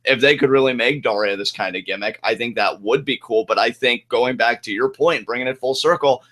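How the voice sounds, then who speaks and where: Bright-voiced, animated podcast man. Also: mid-range voice. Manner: animated, agreeable, quick bursts of enthusiasm. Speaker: podcast co-host. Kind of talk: casual wrestling review chat.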